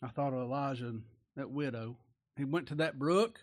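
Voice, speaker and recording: Folksy preacher with tag questions. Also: male voice, mid-range voice, brisk. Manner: folksy, rhetorical tag questions, chuckles often. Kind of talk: sermon.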